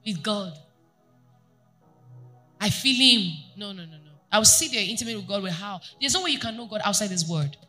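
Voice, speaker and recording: Bright-voiced woman preaching. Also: mid-range voice, normal speed, pauses often, faint music behind. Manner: animated preaching, asks the congregation questions. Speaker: pastor. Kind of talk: sermon. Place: church.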